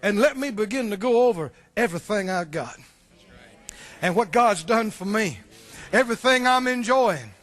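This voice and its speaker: A male pastor preaching a sermon, animated and full of rhetorical questions. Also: high-pitched, moderate pace.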